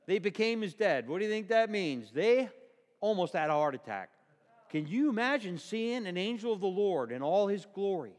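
A man's voice: sits high, a bit bright, long reverb tail. A male pastor preaching a sermon in a church, telling the story vividly and asking the congregation questions.

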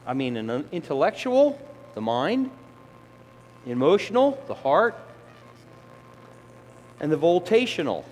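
A man's voice: fairly high pitch, slight background noise. Male preacher in a reverberant hall. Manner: conversational, acts out voices of sinners and children. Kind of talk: sermon. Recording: long hall reverb, faint ambience.

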